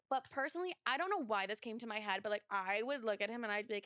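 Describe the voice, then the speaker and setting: A woman's voice: mid-range voice, racing, few pauses, fairly bright tone, clean tone, no echo, studio quality. A young woman hosting a casual advice podcast, blunt and swearing freely, with many filler words. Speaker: podcast host.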